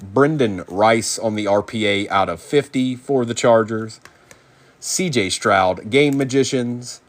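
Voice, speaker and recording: In this casual live card-break commentary, the man on the mic has a low-pitched voice and an easygoing, talkative delivery, running through names at speed.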